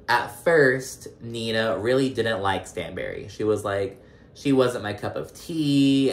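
A man's voice: low-pitched, a little hiss or hum. Chatty man recapping, roomy sound. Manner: chatty, profane, lots of fillers. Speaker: reality show recap host. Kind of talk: casual commentary. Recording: roomy echo.

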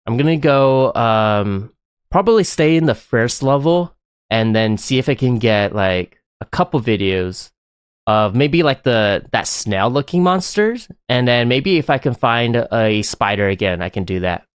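A man giving excitable, chatty live commentary while playing a game, often breaking into laughter. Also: mid-range voice, unhurried, clear, resonant tone, no echo, clean studio sound. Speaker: live streamer.

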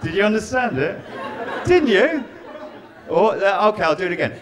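A man performs stand-up live, chatting with people in the front rows and teasing them. His voice sits a little high. Crowd laughter rolls in around his lines. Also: sing-song, normal speed, pauses often. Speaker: stand-up comedian. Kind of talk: stand-up comedy set. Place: live comedy venue with audience.

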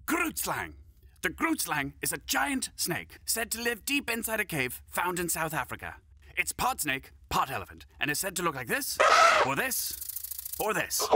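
A man's voice: fairly high pitch, pushed and bright, husky, no echo. A man narrating comedy sketches in a dry, mock-serious scripted style.

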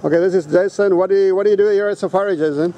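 A man talking to camera outdoors in a casual, rambling vlog, blunt and quick to swear. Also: sits high, fairly even intonation, warm tone. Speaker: vlogger. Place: outdoors at a resort in a town.

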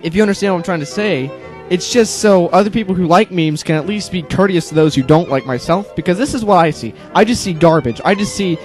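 A man's voice: high-pitched, quick pace, soft background music. A teenage boy ranting on his own channel, sarcastic and exasperated, swearing often. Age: teens. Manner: sarcastic, exasperated, swears a lot, mocks others in silly voices. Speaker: youtuber. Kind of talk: ranting monologue.

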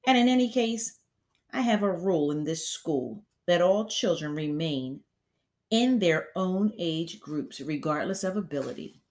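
A woman voicing a huge, furious headmistress who barks and booms her scorn, read aloud from a storybook. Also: animated, unhurried. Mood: scornful, bellowing. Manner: loud barking, booming delivery.

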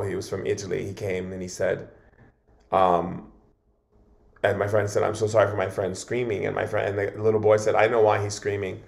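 A man's voice: fairly low pitch, vocal fry. A man, a guest on an interview show, telling a long personal story in an earnest, meandering way with many fillers and restarts. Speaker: guest shaman.

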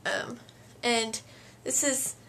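Bubbly, chatty woman vlogging from home; high, bright voice. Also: steady tone, very slow. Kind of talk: casual daily vlog chat. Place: home, indoors.

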